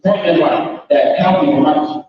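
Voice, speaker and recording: A man's voice: fairly high pitch, normal speed. Man, maths teacher, from Ghana, emphatic, repetitive, dull distant recording. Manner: emphatic, repetitive, addresses students directly. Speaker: mathematics teacher. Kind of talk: orientation talk to new students. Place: large hall. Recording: echoey hall, distant mic, dull sound.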